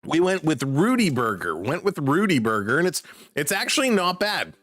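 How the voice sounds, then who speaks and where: A man casually calling football play-by-play on a live stream, chatting excitedly with viewers. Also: fairly high pitch, moderate pace, no echo.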